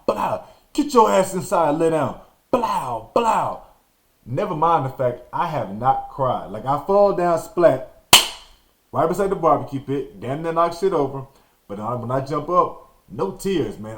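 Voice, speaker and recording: Animated, slangy male storyteller. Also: medium pitch. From Texas. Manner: animated, slangy, acts out scenes. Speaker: podcast host. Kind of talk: storytelling monologue.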